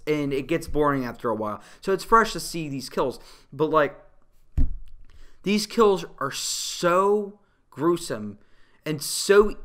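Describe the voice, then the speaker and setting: A movie reviewer ranting casually about a film, profane and exasperated, laughing often and getting loud at times. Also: mid-range voice. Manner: animated, rising to loud outbursts.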